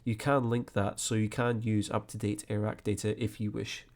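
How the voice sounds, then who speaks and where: A man with a lowish voice talks through flight planning software in an unhurried, relaxed way. He explains each step plainly, dropping in frequent ums and you-knows as he goes, like a screen-recorded tutorial. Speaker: flight sim tutorial host.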